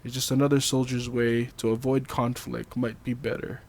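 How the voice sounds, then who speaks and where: A man's voice: mid-range voice, little pitch movement, normal speed, darkish tone, a little hiss or hum. Laid-back man rambling about films. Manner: rambling, laughs often, frequent ums. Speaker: podcast co-host. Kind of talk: casual film discussion.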